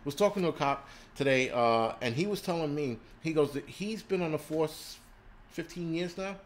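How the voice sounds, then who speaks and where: A man's voice: on the high side, normal speed, slight background noise. Foul-mouthed man ranting combatively. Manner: swears constantly, crude and combative. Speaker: host of a prepping channel. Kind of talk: profane livestream rant. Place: indoors in a city.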